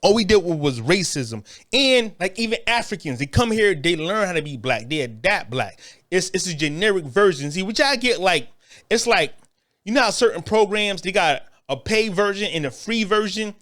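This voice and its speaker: A man's voice: high-pitched, expressive, normal speed, fairly bright tone. A man giving a blunt, profane opinion rant, repeating himself for emphasis.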